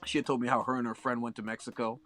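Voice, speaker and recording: A man's voice: mid-range voice, little pitch movement, rapid-fire, a bit bright, faint music behind. A young Canadian man telling a long story in a casual chat, profane and full of slang.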